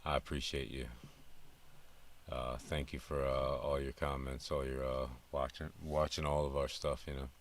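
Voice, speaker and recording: A man speaks casually to his viewers in an extremely deep, low voice, relaxed and halting as he thanks commenters between clips. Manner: relaxed, halting, with many fillers. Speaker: reaction video host.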